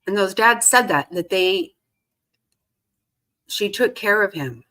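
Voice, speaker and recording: Bright, indignant woman reacting. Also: mid-range voice, animated, slow. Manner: indignant, swears freely, talks back at the screen. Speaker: true-crime commentary host. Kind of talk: casual reaction commentary.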